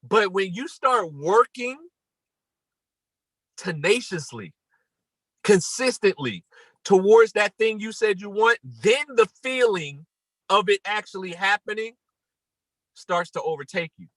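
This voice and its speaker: A man giving an emphatic motivational talk on a morning call, repeating his points and rising to near-shouts. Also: high voice, lively intonation, takes it slowly, pauses often, dry recording, rough recording.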